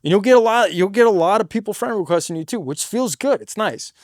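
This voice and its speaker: A man with a high, light speaking voice shares stage tips in a relaxed, slangy way, swearing freely. The sound is close and dry. He sometimes bursts into loud stage patter to show how it is done. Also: quick pace, no echo. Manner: demonstrates stage patter by suddenly getting loud. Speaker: singer in a cover band. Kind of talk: casual advice monologue.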